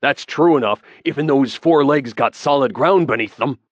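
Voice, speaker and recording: A man voicing a gruff, stubborn male dwarf in an audiobook. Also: medium pitch, normal speed, dry recording, highs cut off, voice pushed up, lightly acted. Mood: grumbling.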